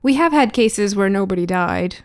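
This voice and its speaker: A woman's voice: mid-range voice, lively intonation, moderate pace. A woman chatting casually about board games, laughing often. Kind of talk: casual chat.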